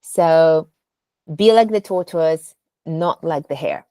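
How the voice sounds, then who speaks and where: Slow, patient woman speech coach. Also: sits low, dark tone, no room sound. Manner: demonstrative, exaggerates rising and falling intonation in examples; patient, explains step by step with fillers like "so" and "like". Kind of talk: instructional lesson on delivery.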